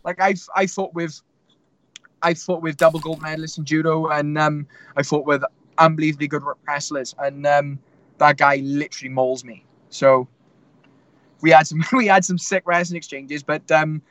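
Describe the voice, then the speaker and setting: A man's voice: on the high side, fairly even intonation, normal speed, a bit bright, dry recording, lo-fi sound. A man, a fighter telling stories in a casual interview, rambling with lots of fillers. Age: 20s. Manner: rambling storytelling with many fillers. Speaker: MMA fighter guest.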